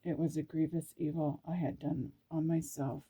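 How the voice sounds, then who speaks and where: A woman's voice: sits low, flat delivery, moderate pace, mellow, breathy edge. A woman vlogger reading scripture aloud and reacting with emotional spiritual exclamations.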